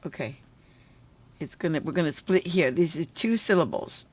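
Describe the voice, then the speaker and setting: A woman's voice: deep voice, animated, normal speed, husky. A woman teacher giving a phonics lesson on video, patiently sounding out syllables and checking in with the viewer.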